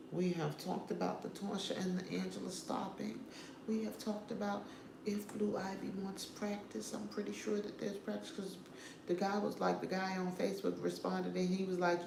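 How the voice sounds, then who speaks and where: A woman's voice: sits low, gravelly, a little hiss or hum. A woman vlogger giving casual, opinionated commentary on celebrity news, talking straight to her viewers. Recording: roomy echo with faint ambience.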